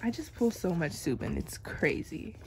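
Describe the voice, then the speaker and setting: A woman's voice: on the low side, big pitch swings, moderate pace, a little mellow, a little hiss or hum. A young woman chatting playfully as she unboxes an album, laughing and complaining dramatically. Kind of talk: casual unboxing chat.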